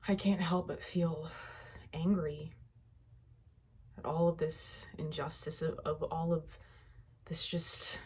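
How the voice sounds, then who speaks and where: A woman guiding a tapping session, speaking slow, heartfelt first-person affirmations that trail off softly at the ends of phrases. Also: deep voice, little pitch movement, husky. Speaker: EFT tapping guide.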